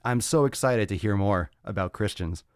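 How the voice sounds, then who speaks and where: A man hosting a casual solo podcast, loud, laughing and profane, talking on a close mic. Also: on the low side, normal speed, clear, resonant tone, dry recording. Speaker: podcast host.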